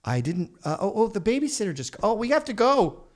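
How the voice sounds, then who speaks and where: Slipping into brief character impressions, a fifties-aged man tells crude stories as a guest on a laid-back podcast. He speaks with a high voice that rises and falls dramatically.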